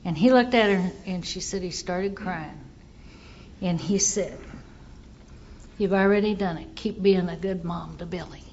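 A woman's voice: fairly low pitch, unhurried, long pauses, a little mellow, highs cut off, slight background noise. A woman giving a personal recovery testimony, telling her story earnestly and voicing the people in it. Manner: earnest storytelling, quotes others in dialogue.

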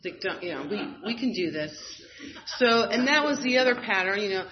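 A woman's voice: medium pitch, lively intonation, fairly quick. A woman in the middle of her voice recounts her own story with frank, wry candor and easy fillers. The audio is a bit dull and muffled, with a faint hiss beneath her. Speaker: guest sharing a personal story. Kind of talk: candid personal storytelling.

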